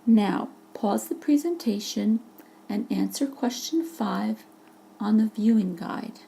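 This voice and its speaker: A woman's voice: medium pitch, slow pace, creaky, mellow. A woman teacher narrating a vocabulary lesson over a presentation, patiently explaining each word with examples. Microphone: voice-over for a slide presentation.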